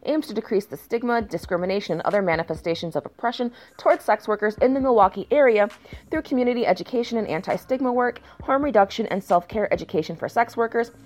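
A woman commenting on news stories in a casual rant, reading passages aloud and breaking in with sarcasm and frequent swearing. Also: mid-range voice. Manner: sarcastic, swears often, shifts into mock outrage.

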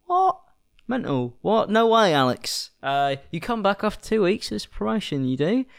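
A man's voice: sits high, sing-song, normal speed, vocal fry, pitched above the performer's own voice, full character voice. A man voicing an imagined viewer who mocks him with sarcastic disbelief. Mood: mocking. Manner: sarcastic, teasing. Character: mocking incredulous imagined viewer.

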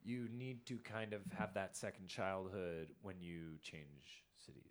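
A woman hosting a casual interview chat, relaxed and affirming, with quick pop-culture references. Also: rumbling low.

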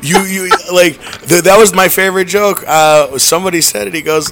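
A man's voice: fairly high pitch, steady tone, fairly quick, hardly any pauses, fairly bright tone. A man hosting a casual podcast, rambling sarcastically with laughing asides. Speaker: podcast host.

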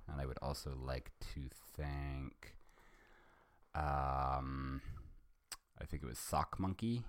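A bass-voiced man hosts a podcast in a recording with no room sound. He reads fan fiction aloud and chats hesitantly, full of ums and self-corrections.

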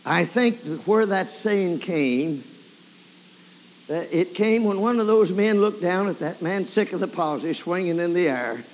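A man's voice: high voice, lively intonation, measured pace, slight background noise. A man preaching a sermon, telling a story and breaking into emotional praise. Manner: emotional, exclaiming praise often. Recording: long hall reverb.

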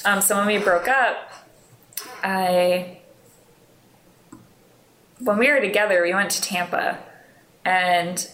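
A woman's voice: medium pitch, slow, pauses often, a bit bright. A young woman telling stories in a casual interview, rambling and self-deprecating, laughing often. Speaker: interview guest, musician. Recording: roomy, echoey room.

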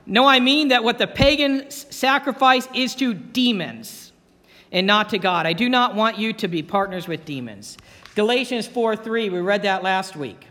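A man's voice: sits high, animated, moderate pace, bright, forceful tone, in a large hall. A man preaching a sermon as pastor, earnest and repeating key phrases for emphasis.

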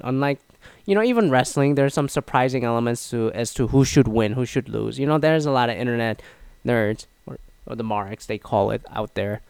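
Guy rambling on his podcast, smooth voice, dry close sound, keeps restarting. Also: medium pitch, no echo. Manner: rambling, lots of "you know" fillers and restarts; animated when quoting others. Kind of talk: casual opinion monologue.

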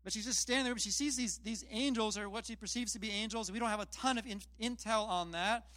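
Guy pastor chatting thru a sermon, highish voice, super dry close sound. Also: quick pace, sharp tone, dry recording. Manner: retells scripture in plain, chatty storytelling; self-deprecating asides. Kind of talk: casual conversational sermon.

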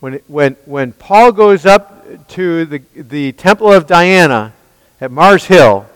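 A man preaching a sermon in an emphatic way, asking his listeners rhetorical questions and swinging between loud and hushed passages. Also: fairly high pitch, lively intonation, takes it slowly, clean tone, dry recording, poor audio.

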